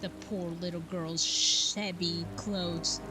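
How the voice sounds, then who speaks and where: A stern, protective older sister, read by a woman in a slow, earnest voice. She scolds and urges over steady game music. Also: fairly low pitch, pitched below the performer's own voice, poor audio.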